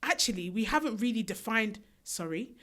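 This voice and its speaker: Lively young woman co-host. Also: on the high side, normal speed. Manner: animated, preacher-like declarations, slangy. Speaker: podcast co-host. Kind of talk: casual chat with mock-preaching.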